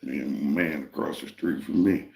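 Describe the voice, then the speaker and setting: A deep, gravelly man tells a long story in a loose, profane, streetwise way. His voice rings a little in an echoey room. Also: moderate pace, darkish tone. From Detroit, Michigan. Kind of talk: casual storytelling.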